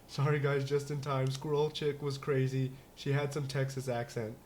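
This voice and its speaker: A man's voice: medium pitch, flat delivery, moderate pace, a little mellow, a little hiss or hum. A man co-hosting a casual talk show, rambling and joking with many restarts and fillers. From United States. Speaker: podcast co-host. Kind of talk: casual chat.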